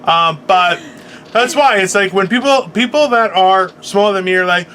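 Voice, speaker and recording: Bright, high-voiced man ranting. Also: moderate pace, a little hiss or hum. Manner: animated, swearing, mimics others mid-story. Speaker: podcast co-host. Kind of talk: casual morning chat.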